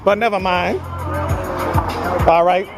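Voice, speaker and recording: A man's voice: high voice, fairly even intonation, takes it slowly, vocal fry, low-quality recording. A man hosting his own casual live-stream show from a family birthday party, rambling and stammering as he keeps talking to viewers. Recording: party music and crowd chatter behind.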